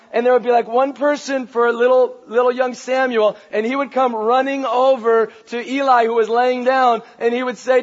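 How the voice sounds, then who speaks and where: A pastor preaching a sermon, animated and playful, raising his voice to a shout for emphasis. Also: high-pitched. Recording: dull lo-fi recording.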